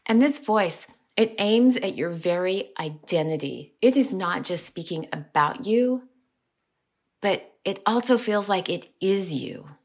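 A middle-aged American woman reading the gospel and preaching a short sermon in a slow, measured, gentle way. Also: medium pitch, expressive. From United States.

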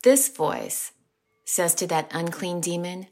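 A middle-aged American woman reading the gospel and preaching a short sermon in a slow, measured, gentle way. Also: lowish voice. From United States.

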